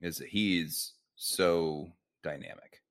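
Very deep-voiced joking man. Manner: jokey, quick quips. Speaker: podcast co-host. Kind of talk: casual chat.

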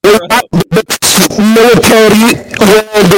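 A man doing a comic impression of a blustering wartime male president who boasts in halting, muddled bursts. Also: sits high, steady tone, over loud music, poor audio. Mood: boastful. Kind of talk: comedic impression. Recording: loud background noise.

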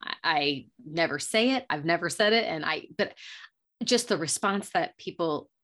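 A woman's voice: deep voice, animated, moderate pace, a bit bright. A woman guest in a casual chat, talking earnestly and hesitantly as the parent of an autistic child.

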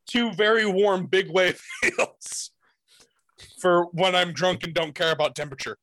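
Tipsy male co-host, slurred and goofy, fairly high voice, dry close sound. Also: moderate pace, fairly bright tone, no echo. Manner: goofy, self-mocking. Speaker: podcast co-host. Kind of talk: casual chat.

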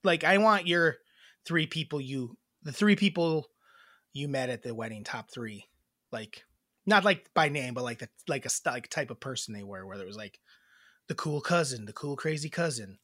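A man chats loosely as a podcast co-host, joking and wandering through his points with plenty of fillers. His voice swings up and down animatedly and has a bright, forceful edge. The sound is dry and close, with no room around it. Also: mid-range voice, animated, moderate pace, no echo. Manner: rambling, jokey, many fillers and restarts. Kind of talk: casual chat.

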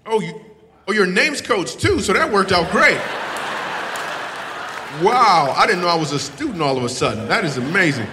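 A high-pitched man with lively intonation speaks at a moderate pace and pauses often, doing stand-up crowd work into a handheld mic. He teases the audience in fun and laughs often. Recorded live at a comedy show in a reverberant hall, the clip has background noise and faint audience laughter.

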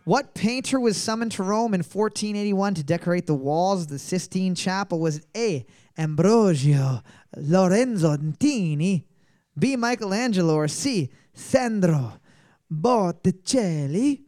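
A man's voice: high voice, moderate pace, hardly any pauses, darkish tone, dry recording. A man hosting a trivia podcast, reading each question twice and joking between them. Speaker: trivia host. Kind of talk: casual podcast banter.

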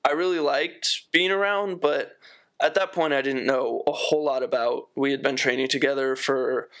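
A man's voice: mid-range voice, fairly even intonation, normal speed, a bit bright. A young man from the United States, a volleyball player telling a story in a casual interview and repeating words as he recalls them. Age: young adult.

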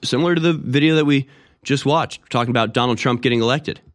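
A man's voice: mid-range voice, fast talker. Sarcastic male commentator on a rant. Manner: sarcastic, mocking, rambling. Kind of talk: opinionated monologue.

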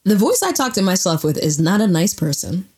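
A woman co-hosting a podcast, chatting casually and telling stories with lively acted-out quotes. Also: lowish voice, fairly quick, breathy edge. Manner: animated storyteller, acts out quotes. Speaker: podcast co-host. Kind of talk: casual intimate conversation.

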